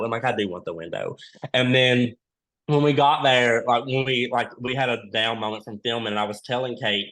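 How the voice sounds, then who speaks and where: A man's voice: medium pitch, a little fast. A man, a reality show contestant as a podcast guest, chatting casually and acting out the dialogue in his stories. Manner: animated storyteller, acts out quoted dialogue.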